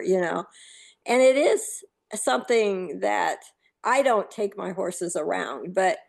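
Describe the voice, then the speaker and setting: A woman on a casual group call, talking in a relaxed, rambling way about sharing her horses with guests. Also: mid-range voice, creaky.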